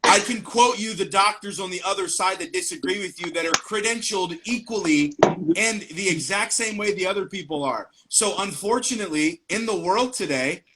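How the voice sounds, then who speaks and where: A man's voice: sits high, normal speed, background noise. A male podcast host on a live stream, talking in a combative, profane, mocking rant.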